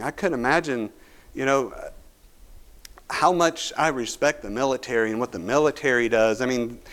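A man's voice: medium pitch, fairly bright tone. A male pastor, preaching a sermon through a folksy personal story full of restarts.

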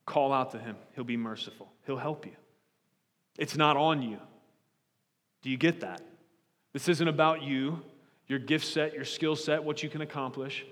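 A man's voice: mid-range voice, fairly even intonation, moderate pace, long pauses, a bit bright, big-room sound. A man preaching a sermon as pastor, earnest and pleading, often restarting and repeating words as he builds his point.

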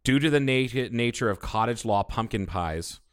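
A man's voice: mid-range voice, expressive, normal speed, smooth. A man co-hosting a casual podcast, rambling and swearing freely as he talks about baking. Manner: profane, rambling, enthusiastic. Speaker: podcast co-host. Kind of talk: casual chat.

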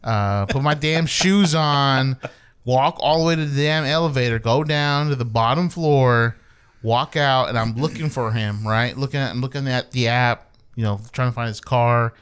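A young man in casual chat tells a story with heavy swearing and acted-out quotes. His voice is smooth and clear, with an ordinary middle pitch. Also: normal speed. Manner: animated, swears a lot, acts out quotes.

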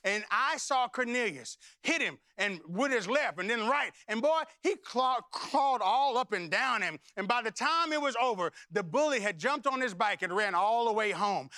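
A middle-aged man preaching a sermon, telling stories and building to loud, declaring calls. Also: extremely high pitch, animated, normal speed, hardly any pauses, no echo, clean studio sound. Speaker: pastor. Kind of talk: sermon with storytelling.

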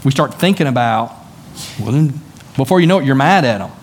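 A man's voice: mid-range voice, animated, brisk. Pastor, male, mid-range voice, folksy and conversational in the pulpit, slips into the voices of people in his stories; faint noise under the recording. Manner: conversational, folksy storytelling with acted-out dialogue. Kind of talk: sermon. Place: church sanctuary.

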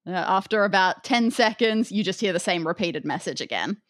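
A woman's voice: medium pitch, animated, a little fast, a bit bright, no room sound. Dry-voiced woman narrating a puzzle game. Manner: descriptive, playful narration. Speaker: game master and podcast host. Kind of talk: narrating an audio escape room.

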